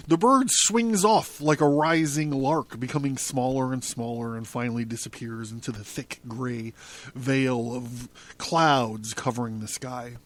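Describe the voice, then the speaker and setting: A man's voice: mid-range voice, unhurried. A man hosting a podcast, reading a book aloud in the first person and breaking off with amused, chuckling asides. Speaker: podcast host.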